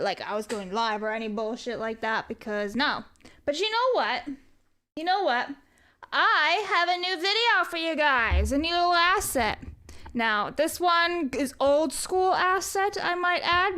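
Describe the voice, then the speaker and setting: A woman's voice: extremely high pitch, bright, forceful tone. A woman livestreamer chatting casually and reading viewer messages aloud. She rambles, jokes and swears freely. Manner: rambling and profane, reads chat aloud. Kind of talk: casual live stream chat.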